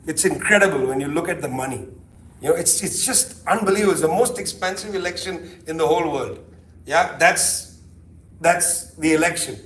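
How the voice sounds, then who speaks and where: A middle-aged man giving a keynote talk in a loose, sardonic, conversational way, full of asides. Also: fairly high pitch. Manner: animated, sardonic, peppered with asides. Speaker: keynote speaker. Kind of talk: conversational lecture. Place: lecture hall. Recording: echoey hall, distant mic.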